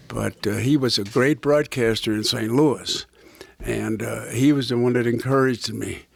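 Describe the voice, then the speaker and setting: With a creaky, mid-range voice that has a breathy edge, an older man recounts rambling baseball anecdotes to a small audience, building to punchlines. He used to be a catcher and a broadcaster, and the recording has no echo.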